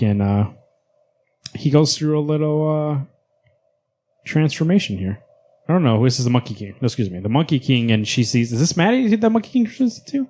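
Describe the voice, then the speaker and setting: A man's voice: a little high, big pitch swings, brisk, warm tone. Laid-back man recapping comics. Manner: recaps panels casually, laughs, reads dialogue aloud. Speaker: podcast co-host. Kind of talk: casual comic book chat.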